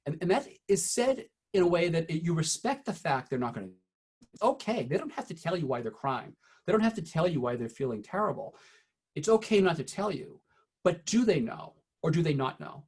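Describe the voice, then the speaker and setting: A middle-aged man giving a teacher-training talk, telling true stories from his classroom in an earnest, halting way with frequent restarts. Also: fairly high pitch, very animated, breathy edge. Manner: earnest storytelling, frequent "uh" and restarts, quiet when recounting.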